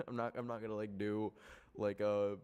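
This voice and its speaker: A man's voice: lowish voice, measured pace, clear, resonant tone. Rambling, foul-mouthed young Canadian man. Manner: animated, rambling, heavy swearing and filler words. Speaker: streamer. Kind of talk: casual rant to a live chat.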